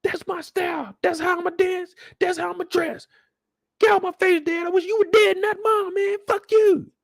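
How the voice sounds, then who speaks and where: A crying teen boy screaming at his dad, super high squeaky voice, cussing, dry sound. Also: little pitch movement, moderate pace, creaky, no echo. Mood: yelling. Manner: shrill, sobbing, cursing. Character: furious grieving teenage boy.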